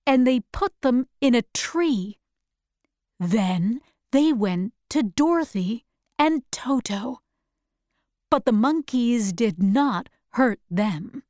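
A woman narrating a storybook chapter in clear, deliberate, simple phrasing. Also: high voice, a little mellow, no echo, studio quality. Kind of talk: slow storybook read-aloud.

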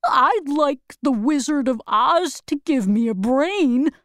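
A woman's voice: sits high, animated, slow pace, no echo, voice pushed up. A woman voicing a kind, helpful male scarecrow who speaks in a friendly, reassuring way.

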